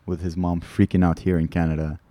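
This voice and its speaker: A man, a comedian guest on a podcast, telling travel stories with quick laughs. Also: low voice, no echo. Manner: animated, laughs often, acts out quotes. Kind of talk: casual chat. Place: studio. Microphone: studio mic.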